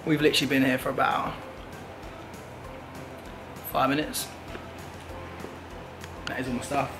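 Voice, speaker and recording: A man's voice: mid-range voice, little pitch movement, measured pace, music in the background. A young man with an English accent, chatting casually to camera in a joking travel vlog. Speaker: vlogger.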